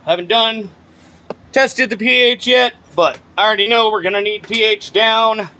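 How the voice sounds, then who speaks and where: Mixing nutrients in his grow room, the host of a plant-growing channel thinks aloud and swears at himself in a casual talk-along. His voice is high, steady, and sharp at a normal speed, and the lo-fi recording sounds dull with faint background noise.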